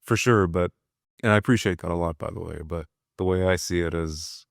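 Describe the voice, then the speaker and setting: A man's voice: sits low, a little fast, creaky, no room sound, clean studio sound. A man who fights, speaking thoughtfully and candidly in a casual podcast conversation. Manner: thoughtful, candid, with soft laughs.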